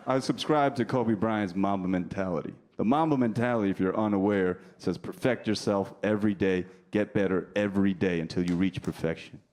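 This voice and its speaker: Deep-voiced stand-up comic from New Jersey. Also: male voice, fairly quick, hardly any pauses. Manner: deadpan, teasing the audience. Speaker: stand-up comedian. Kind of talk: stand-up routine with crowd work. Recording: live club recording with audience noise. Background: audience laughter.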